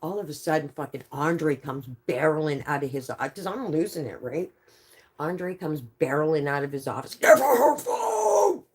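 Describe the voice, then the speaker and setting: A woman with a low, deep-set voice tells rambling stories on a live stream. She swears freely and keeps breaking into laughter through her sentences. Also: moderate pace, husky. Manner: profane, laughs often through her words. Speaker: livestreamer. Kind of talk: casual storytelling on a live stream.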